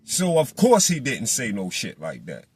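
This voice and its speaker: Profane animated man on a boxing rant. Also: mid-range voice, moderate pace, slight background noise. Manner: animated, profane, mocks people in put-on voices. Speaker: boxing commentator. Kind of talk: casual monologue.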